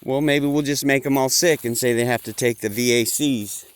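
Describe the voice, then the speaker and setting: A man voicing scheming planners who calmly lay out a plot to control people. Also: mid-range voice, normal speed, smooth, close to an everyday voice.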